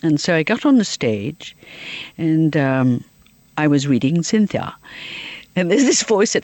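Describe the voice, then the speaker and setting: Laughing woman telling lively stories. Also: low-pitched, a little slow, long pauses, no room sound. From Liverpool, England. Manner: laughs often, lively comic storyteller. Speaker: interview guest. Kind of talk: anecdotal storytelling.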